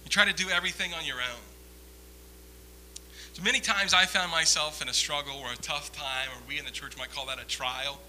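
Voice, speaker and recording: A man's voice: on the high side, brisk, sharp tone, slight background noise, low-quality recording. A man giving a conversational sermon as a pastor, rambling through self-deprecating stories with humor.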